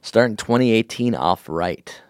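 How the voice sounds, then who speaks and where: A man's voice: lowish voice, lively intonation, unhurried, no room sound, clean studio sound. A man co-hosting a comedy advice podcast, chatting casually, laughing and teasing playfully. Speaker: podcast co-host.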